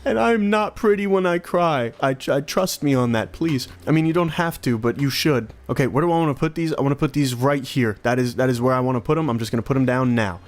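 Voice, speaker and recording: A young man talks through a video game as he plays, in a casual, rambling and self-mocking way. He grumbles about his bad luck, then jumps into high, squeaky yelps when something goes right. His pitch is ordinary for a man. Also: fast talker, hardly any pauses. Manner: swings to sudden high-pitched excited squeals. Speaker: gaming commentator. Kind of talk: casual gameplay commentary.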